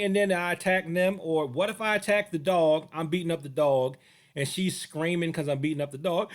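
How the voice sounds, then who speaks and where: A man's voice: a little high, moderate pace. A martial arts teacher telling a personal story to camera in a casual way, acting out the other people's voices as he goes.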